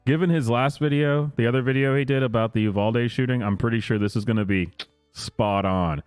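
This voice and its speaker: A man's voice: medium pitch, a little fast, clear, resonant tone, no room sound, faint music behind. A man hosting casual reaction commentary, sarcastic and mocking, laughing often. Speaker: commentary host.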